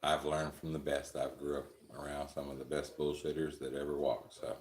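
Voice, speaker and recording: A man's voice: extremely low pitch, flat delivery, normal speed, echoey room. A man hosting a live stream, telling rambling, crude, joking stories and chuckling often. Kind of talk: casual storytelling chat.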